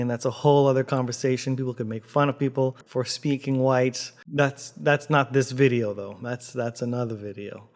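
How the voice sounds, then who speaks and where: A man from Canada, a theatre artist, talking casually to camera in a clear, measured, explanatory way. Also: mid-range voice.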